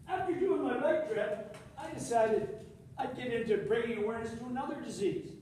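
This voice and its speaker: A man's voice: very high-pitched, a little mellow, slight background noise. An older man giving a humorous contest speech, telling a story with acted-out quotes. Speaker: contest speaker. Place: large hall with an audience. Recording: echoey hall, speaker far from mic.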